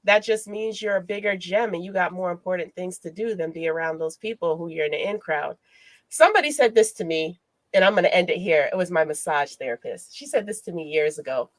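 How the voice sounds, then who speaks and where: A woman hosting a podcast as a life coach, telling personal stories in an expressive, motivational way. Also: on the low side, fairly quick, no room sound. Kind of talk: casual podcast chat.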